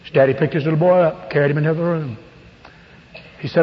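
A middle-aged man preaching a fervent sermon, rising to shouts at the peaks. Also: a little high, steady tone, fast, long pauses. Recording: dull radio broadcast with long reverb.

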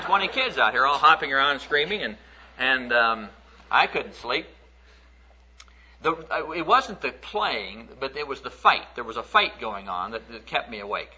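A man's voice: mid-range voice, bright, forceful tone, breathy edge. A man preaching a sermon through folksy, conversational storytelling, acting out the stories he tells. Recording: dull lo-fi recording.

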